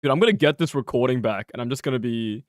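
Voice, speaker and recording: A young man giving casual, swearing, joking commentary while streaming a game, his mic close and peaking loud. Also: mid-range voice, fast, no echo. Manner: animated, swearing, laughing, joking.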